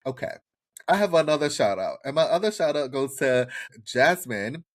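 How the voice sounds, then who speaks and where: A man co-hosting a podcast, recapping a reality show in casual chat, animated and profane, often mimicking the people he talks about. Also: on the high side, moderate pace. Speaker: podcast co-host.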